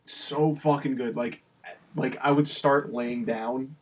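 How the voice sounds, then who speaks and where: A young man in casual chat with a husky voice, laughing often, swearing a lot and rambling. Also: medium pitch, steady tone, slow pace, darkish tone. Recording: voice a bit far from the mic.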